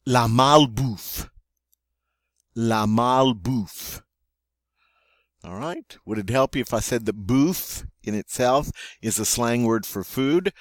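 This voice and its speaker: A man teaching French vocabulary, playful and joking, saying each word slowly and twice before giving its meaning. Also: medium pitch, no echo, clean studio sound. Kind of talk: vocabulary lesson.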